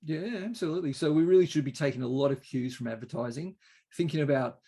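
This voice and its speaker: A man's voice: fairly high pitch, fast talker, dark tone, husky. A British man hosting a webinar conversation, asking questions in a conversational, self-deprecating way. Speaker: webinar host.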